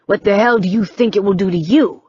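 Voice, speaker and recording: A woman reading an audiobook, voicing a furious, domineering shapeshifter man with forceful, snarling insistence. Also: medium pitch, fast talker, breathy edge, no room sound. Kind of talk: audiobook character voice. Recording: slightly dull, dry recording.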